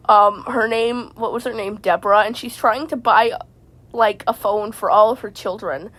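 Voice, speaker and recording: A woman's voice: medium pitch, steady tone, moderate pace, a bit bright. A woman vlogger telling a rambling comedic story from inside a parked car, stammering and tacking "man" onto her sentences.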